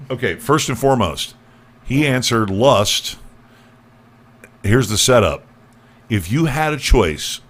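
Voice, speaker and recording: A man hosting a comedy podcast, stammering and repeating words as he jokes crudely with his guests. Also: on the low side. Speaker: podcast host. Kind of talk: loose comedic podcast banter.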